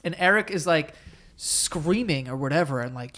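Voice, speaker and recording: High-voiced man telling animated stories. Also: moderate pace. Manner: animated storyteller, acts out quotes. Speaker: podcast host. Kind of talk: casual chat.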